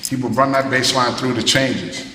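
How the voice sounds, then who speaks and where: A man, a jazz musician, talking to students in a loose, animated way, scatting rhythms as he tells stories. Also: medium pitch, moderate pace. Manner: animated, scats rhythms, loose casual phrasing. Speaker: jazz musician giving a masterclass. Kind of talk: storytelling talk to students. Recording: echoey hall with long reverb, faint noise.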